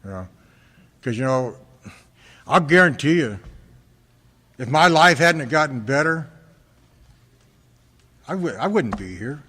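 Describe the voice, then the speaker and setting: An American man from Fresno, California, giving an earnest personal testimony at a recovery meeting, halting often and repeating words as he restarts. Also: medium pitch, animated, pushed and bright, husky. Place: large hall at a convention. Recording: reverberant hall recording.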